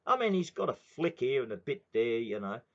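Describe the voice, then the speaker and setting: A man's voice: mid-range voice, big pitch swings, a little fast, fairly bright tone. A man in his sixties with an Australian accent, ranting in a heated, swearing monologue. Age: 60s. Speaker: political commentator. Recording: dull lo-fi recording.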